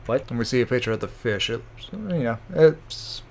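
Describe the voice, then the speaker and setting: A man's voice: medium pitch, lively intonation, moderate pace, darkish tone, a little hiss or hum. A man hosting a casual recap, chatty, laughing often and stumbling over names as he goes. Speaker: channel host.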